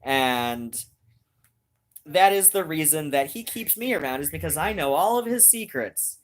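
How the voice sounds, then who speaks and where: A woman with a low, expressive voice talks a little slowly as she runs a live stream. She addresses her viewers directly, chatting loosely and rambling with frequent restarts.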